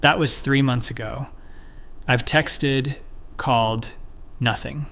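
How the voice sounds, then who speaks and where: Male narrator for a read-aloud online story, mid-pitched, steady and measured delivery. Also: creaky.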